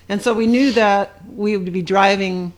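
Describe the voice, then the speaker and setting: An older woman, the host's mother, calmly recalls family history in a casual chat with short, matter-of-fact replies. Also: medium pitch, slow pace. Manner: calm, brief confirmations, matter-of-fact recollection. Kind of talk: casual conversation.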